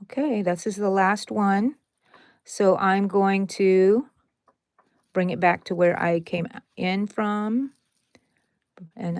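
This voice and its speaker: Woman crochet host, casual and playful, with a bit of vocal fry and a dry, close sound. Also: mid-range voice, darkish tone, dry recording. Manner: chatty and playful, with sound effects and asides to viewers. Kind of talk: casual step-by-step crochet demonstration.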